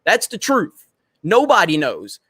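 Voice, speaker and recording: A man's voice: sits high, wildly swooping pitch, unhurried, a bit bright, slightly rough, dry recording, studio quality. A man hosting a live stream, chatting casually and bantering with viewers in a brash, profane way.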